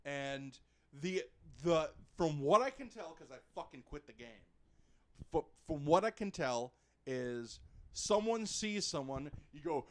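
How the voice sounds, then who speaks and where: A man's voice: a little high, animated, unhurried. A young man co-hosting a podcast, ranting about a game in an exasperated, sarcastic way and swearing a lot. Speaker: podcast co-host. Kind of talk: casual game review rant.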